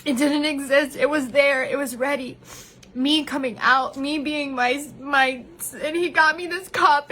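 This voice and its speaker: A woman's voice: sits high, fairly even intonation, unhurried, bright, forceful tone, slight background noise. A woman streaming live to her viewers, talking candidly and from the heart about her marriage, laughing often. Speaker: vlogger sharing personal story. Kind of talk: emotional live-stream monologue.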